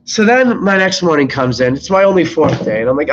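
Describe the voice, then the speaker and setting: A man's voice: high voice, lively intonation, a little fast, few pauses. Sick young man ranting, swearing nonstop. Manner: rambling, swears constantly, exasperated. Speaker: streamer telling work stories. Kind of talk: casual live-stream storytelling. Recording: slightly dull lo-fi mic with faint noise.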